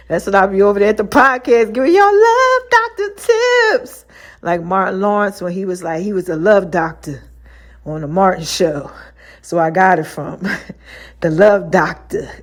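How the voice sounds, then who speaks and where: A woman hosting her own podcast, telling personal stories in a loose, chatty way, laughing often and acting out other people's lines. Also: medium pitch. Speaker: podcast host. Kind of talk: casual storytelling monologue.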